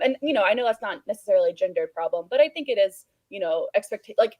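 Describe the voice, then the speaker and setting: A woman on a panel speaking in a halting way, with frequent fillers. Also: mid-range voice, animated, dry recording, muffled recording. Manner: halting, many fillers and restarts. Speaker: incident responder on a panel. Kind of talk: panel discussion.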